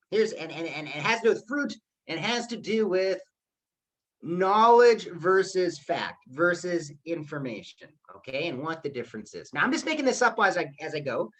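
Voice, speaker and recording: A man's voice: high-pitched, a bit bright. A man teaching a live online class who keeps checking in with "okay?" as he talks. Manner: chatty, keeps asking "okay?". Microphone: computer mic on a video call.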